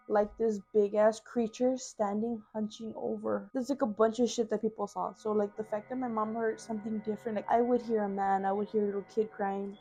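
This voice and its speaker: A woman's voice: a little high, a little mellow. Young female vlogger, casual storyteller, swears a lot, filler-heavy, phone mic at home. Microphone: phone camera.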